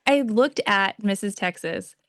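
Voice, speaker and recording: A woman in her thirties telling an animated story as a guest on a video call, acting out her own reactions and laughing often. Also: medium pitch, measured pace, no room sound, studio quality. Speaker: pageant titleholder guest.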